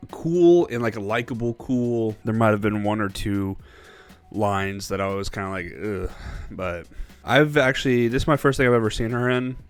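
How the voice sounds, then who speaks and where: A young man giving a casual, rambling movie review vlog, animated and quick to laugh. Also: medium pitch.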